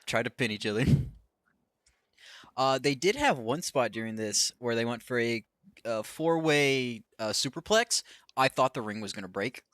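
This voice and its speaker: In a dry recording, a man with a mid-range, animated, fairly bright voice speaks at a moderate pace. He's a podcast host casually recapping wrestling, rambling, swearing without restraint, and acting out what others said.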